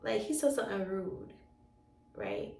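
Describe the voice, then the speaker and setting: With a medium-pitched, slightly slow, creaky voice, a woman tells a personal story in a casual vlog, animatedly acting out what was said. She's a storyteller and relationship coach, and the roomy recording places her at a distance from the mic.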